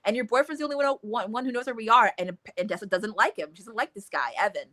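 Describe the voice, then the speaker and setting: A woman co-hosting a casual book discussion, talking in an animated way, swearing freely and acting out scenes in quotes. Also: on the high side, quick pace, dry recording. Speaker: book club co-host.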